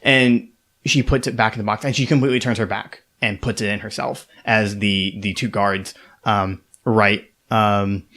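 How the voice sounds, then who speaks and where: A man's voice: lowish voice, fairly even intonation, normal speed, fairly bright tone. A man narrating as game master of a tabletop game, loose and full of fillers.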